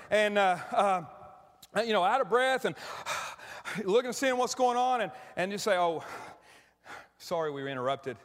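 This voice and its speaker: The long reverb of a church hall surrounds a middle-aged man delivering a sermon as pastor. His high-sitting, fairly bright voice sounds emotional and conversational, and he frequently starts sentences over.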